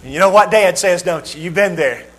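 A man's voice: high voice, a little fast. A man preaching a sermon, reading scripture and telling a humorous story with acted-out voices.

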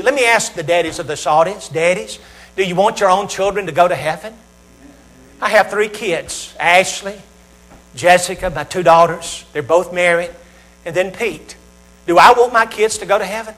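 A man's voice: high-pitched, normal speed, fairly bright tone, low-quality recording. A middle-aged man preaching a sermon, talking straight to his congregation with emphatic, repetitive phrases that swell in volume.

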